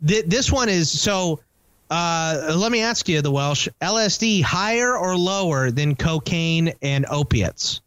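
A man's voice: a little high, animated, measured pace, fairly bright tone, clean tone, dry recording, lo-fi sound. A man co-hosting a casual podcast chat, telling stories and teasing his co-host. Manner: teasing, storytelling.

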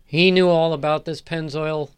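Soft-spoken man with a smooth voice. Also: a little high, fairly even intonation. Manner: halting, soft-spoken, full of fillers. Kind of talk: casual radio show banter.

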